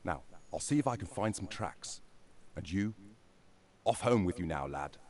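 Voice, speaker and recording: A man's voice: animated, normal speed, darkish tone. An actor with a German accent playing a terse, commanding male forester hunting poachers in a game. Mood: stern. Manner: terse, commanding, low-voiced.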